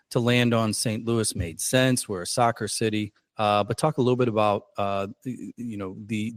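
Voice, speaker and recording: Male podcast host, lowish voice, rambling and self-deprecating, dry close mic. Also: no echo. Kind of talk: casual podcast chat.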